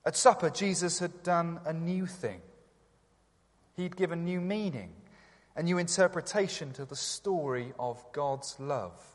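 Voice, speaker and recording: A man preaching a sermon in church, gentle and reflective, with some hesitant fillers. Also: fairly high pitch, animated, measured pace. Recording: long church reverb.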